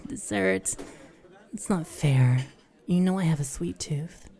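A young adult woman in a whispered role-play, talking in flustered, breathy whispers and teasing asides. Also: low-pitched, slow pace, mellow.

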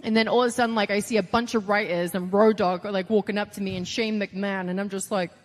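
A woman's voice: medium pitch, fast, in a large hall. A woman guest telling stories in a casual interview, chatty, full of "like" and quoted voices. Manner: chatty, lots of "like", animated quoting of others.

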